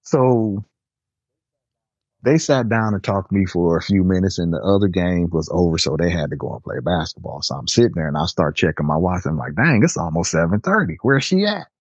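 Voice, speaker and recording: A low-pitched man with a New Orleans accent recounts a personal story in an easygoing, conversational way. He jumps into higher voices to act out his friends. The recording is dry and a little muffled. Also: fairly quick, dry recording. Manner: animated, acts out quoted friends with raised pitch. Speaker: storyteller sharing a personal experience. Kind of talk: casual first-person storytelling.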